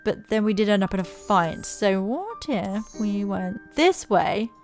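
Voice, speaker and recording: A woman's voice: mid-range voice, very animated, a little slow, faint music behind. A woman streamer talking through a game in a playful, mock-formal way. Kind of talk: let's play commentary.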